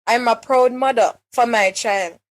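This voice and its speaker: A woman's voice: on the high side, measured pace. Distraught Jamaican woman pleading. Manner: pleading, repeats words and restarts, questions her listeners. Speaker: distressed mother speaking on a live stream. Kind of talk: emotional live-stream plea.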